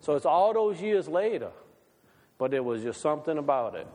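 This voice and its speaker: A man's voice: on the high side, sing-song, moderate pace, a little mellow, in a large hall. A male pastor giving a conversational sermon, asking the congregation many questions.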